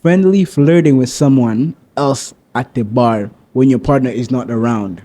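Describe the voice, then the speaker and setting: A man's voice: medium pitch, a little slow, dark tone. A man hosting a podcast, upbeat as he leads the segments in casual chat. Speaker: podcast host.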